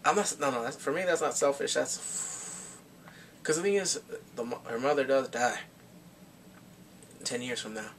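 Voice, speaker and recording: A man casually recapping and reviewing a drama, excitable and animated, often laughing and acting out his reactions. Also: medium pitch, normal speed, pauses often, a little hiss or hum.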